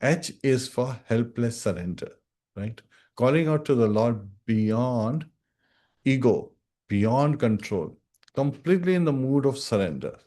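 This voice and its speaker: A man teaches a devotional scripture class in an earnest, instructive way. His voice sits at an ordinary middle pitch. He recites Sanskrit verses and keeps checking in with his listeners. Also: animated, unhurried, mellow. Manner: recites Sanskrit verses, often adds "right?".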